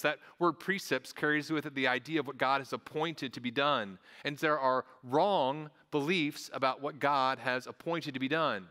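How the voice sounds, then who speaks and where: A man's voice: medium pitch, normal speed, sharp tone, big-room sound. A man preaching a sermon in a conversational way, stumbling over restarts and adding small asides. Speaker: pastor.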